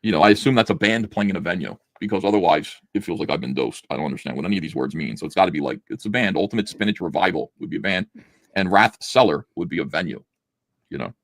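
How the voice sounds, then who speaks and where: Fast-talking sardonic man reviewing comics. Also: low voice, no echo. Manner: sardonic, mocking, reads quotes in flat deadpan. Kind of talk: casual review chat, reading comic dialogue aloud.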